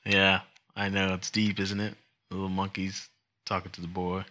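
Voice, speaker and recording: Low-voiced guy cohosting a podcast, bright punchy tone, cracking jokes and reading headlines slow. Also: level tone. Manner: joking and teasing, reads articles slowly and deliberately. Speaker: podcast co-host. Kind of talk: casual chat and reading news headlines aloud.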